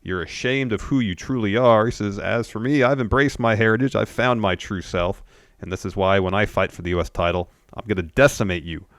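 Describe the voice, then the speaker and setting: A man's voice: lowish voice, fairly quick, a bit bright, no echo, clean studio sound. A man co-hosting a podcast, recapping wrestling in laid-back casual chat and reading out quotes. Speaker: podcast co-host.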